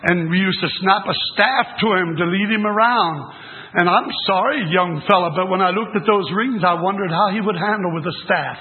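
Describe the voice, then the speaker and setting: A man's voice: sits high, moderate pace. An older man preaching a sermon at a religious meeting, telling folksy, rambling stories with many restarts. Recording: tinny phone-like sermon recording.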